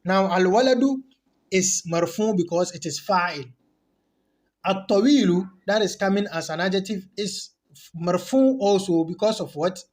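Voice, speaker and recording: A man's voice: high voice, measured pace. A man teaching an Arabic grammar lesson in English. He explains step by step, repeats key terms and asks rhetorical questions.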